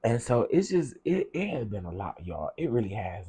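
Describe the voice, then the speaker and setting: Low mellow guy on a livestream, talkin to chat, repeats stuff, gets kinda teary. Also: very animated, moderate pace, few pauses, husky. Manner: chatty, greets viewers by name, repeats himself; heartfelt, on the edge of tears at times. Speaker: livestream host reading viewer comments.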